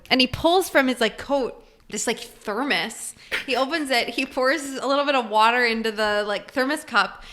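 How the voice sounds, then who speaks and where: Giggly woman co-host, animated chat. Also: high voice, moderate pace. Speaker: podcast co-host. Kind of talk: casual film discussion.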